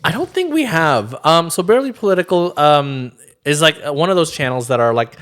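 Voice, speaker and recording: A man's voice: fairly high pitch, very animated, fairly bright tone, smooth. A man co-hosting a podcast in loose, casual chat. He rambles, fills his sentences with ums and likes, and breaks into laughter often. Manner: rambling, heavy with fillers, quick to laugh. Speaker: podcast co-host.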